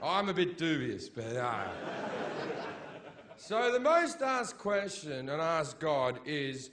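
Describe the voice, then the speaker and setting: A man's voice: fairly high pitch, sing-song, slow pace, a bit bright, a little hiss or hum. A man doing a live stand-up routine on stage, ranting in a profane, sarcastic way. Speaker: stand-up comedian. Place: live stage show in Britain.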